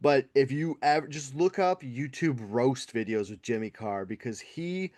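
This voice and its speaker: A man's voice: medium pitch, moderate pace, darkish tone, dry recording. A man hosting a podcast, telling a story in a casual, profane, mocking way. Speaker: podcast host.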